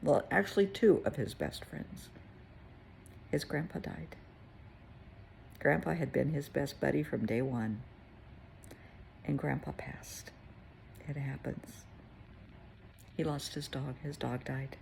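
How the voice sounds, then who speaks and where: A woman therapist telling a client story in a casual, conversational way, with gentle emphasis. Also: deep voice, measured pace, vocal fry, pauses often, a little hiss or hum.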